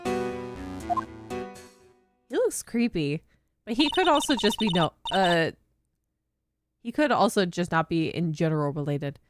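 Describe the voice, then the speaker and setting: Woman, game streamer, chatty, playful asides, animated pitch, game music behind. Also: measured pace, pauses often. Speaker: streamer playing and voicing a game. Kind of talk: casual live-stream commentary.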